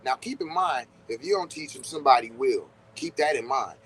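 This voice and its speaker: A man's voice: medium pitch, animated, brisk, a bit bright, husky, rough recording. Laid-back man in casual spiritual talk. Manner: loose, conversational, swears often, acts out quoted reactions. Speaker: podcast host.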